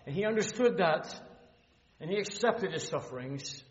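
A man preaching a sermon, swinging from hushed pleading to loud emphatic passages. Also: fairly high pitch, measured pace. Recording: muffled, reverberant hall.

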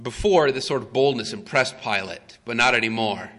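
A male preacher retelling a story in a sermon, dramatic and emphatic with long pauses. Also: medium pitch, fairly bright tone, long reverb tail.

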